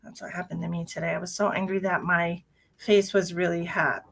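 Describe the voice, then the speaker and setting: A woman with a slightly low voice talks casually on her livestream and rants with plenty of swearing. She breaks off to answer her viewers' comments, keeping it loose and chatty. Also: level tone, brisk, creaky, fairly bright tone. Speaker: psychic medium hosting a livestream.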